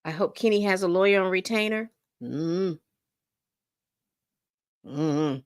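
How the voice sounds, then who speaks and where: A woman's voice: on the low side, expressive, slow pace, no echo, clean studio sound. A middle-aged woman hosting a casual livestream, rambling and reading chat comments aloud. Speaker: livestream host.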